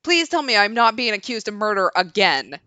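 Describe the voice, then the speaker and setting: A woman's voice: medium pitch, sing-song, brisk, bright, forceful tone, clean tone, no echo. A woman voicing a bewildered young man accused of murder, reading game dialogue in a groggy, panicky way.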